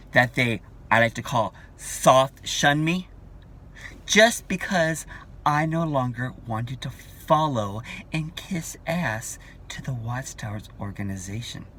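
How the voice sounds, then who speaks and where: Slow, emphatic ranting man in his forties. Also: medium pitch, a bit bright. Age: 40s. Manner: emphatic, repetitive, combative. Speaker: vlogger. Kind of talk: ranting vlog monologue.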